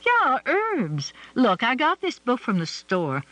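A man's voice: very high voice, wildly swooping pitch, takes it slowly, bright, forceful tone, no echo, voice pushed up, exaggerated voice, poor audio. A man voicing an eager, chatty woman who keeps pressing well-meant advice on her cousin. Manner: bubbly, insistent.

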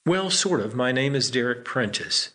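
A man's voice: mid-range voice, animated, moderate pace, bright, forceful tone. Grounded everyday man, reassuring and easygoing, read by a male narrator. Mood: kind, reassuring. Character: calm, friendly grown man who looks out for others.

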